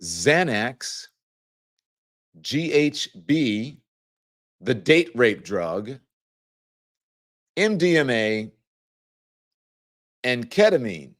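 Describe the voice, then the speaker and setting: A man's voice: medium pitch, sing-song, fairly bright tone. A man hosting a talk show, reading a document aloud and adding playful, chatty asides to his viewers. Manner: playful, quick to crack jokes. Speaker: show host. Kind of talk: live news commentary talk show.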